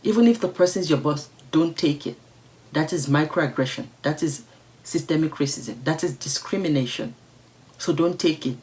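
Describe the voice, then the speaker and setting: A woman with a low-pitched voice talks straight to camera, reading letters from viewers and reacting to them. She is outspoken and emphatic, and she repeats her points to press them home. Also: moderate pace, darkish tone. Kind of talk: casual vlog commentary.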